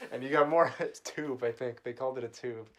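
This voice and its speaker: A man's voice: medium pitch, moderate pace, a bit bright, a little hiss or hum. A man co-hosting a podcast in casual chat, laid-back and chuckling as he nitpicks film details. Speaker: podcast co-host. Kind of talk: casual movie recap chat.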